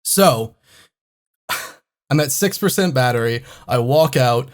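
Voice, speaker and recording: A man's voice: medium pitch, lively intonation, takes it slowly. A man co-hosting a comedy podcast, telling a travel story in a rambling, profane, exasperated way. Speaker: podcast co-host.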